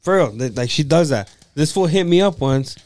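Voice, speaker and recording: A man telling animated stories on a podcast, mixing in Spanish and swearing. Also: fairly high pitch, moderate pace, no echo. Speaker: podcast co-host. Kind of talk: casual storytelling.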